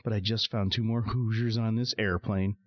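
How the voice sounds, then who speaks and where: A man's voice: lowish voice, fairly even intonation, moderate pace, no room sound, natural voice. Nosy middle-aged woman as a man does her, chatty, gushing, raised voice, dull dry recording. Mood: eager.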